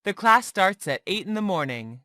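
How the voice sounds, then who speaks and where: A woman reading short English practice phrases for learners, one at a time, in a slow and deliberate drill. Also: mid-range voice, big pitch swings, pushed and bright, no echo, clean studio sound. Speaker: English teacher.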